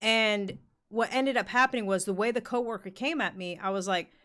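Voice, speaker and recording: A woman's voice: medium pitch, fairly quick, fairly bright tone. A young woman co-hosting a podcast in casual chat, talking candidly, swearing freely and leaning on "like" a lot. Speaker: podcast co-host.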